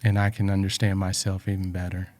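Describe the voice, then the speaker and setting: A man's voice: low voice, monotone, fast talker, darkish tone. A man in a reflective personal talk, speaking earnestly about life lessons and often repeating words, emotional with a drying throat.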